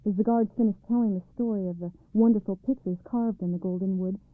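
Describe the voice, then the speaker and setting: A woman reads a storybook aloud in a calm, measured voice. Her pitch sits right in the middle of the range. The sound is thin and phone-like, with no room around it at all. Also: no room sound. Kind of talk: storybook narration. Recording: dry, tinny phone-like sound.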